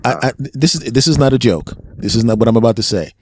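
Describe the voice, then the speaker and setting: A man with a Philadelphia accent, a comedian chatting on a podcast and telling animated stories in which he acts out other people's voices. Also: mid-range voice, fast, husky, no echo. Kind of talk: casual podcast chat.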